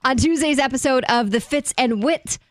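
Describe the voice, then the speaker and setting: A woman's voice: high-pitched, normal speed, no echo, clean studio sound. A woman on a radio show reading the entertainment news segment.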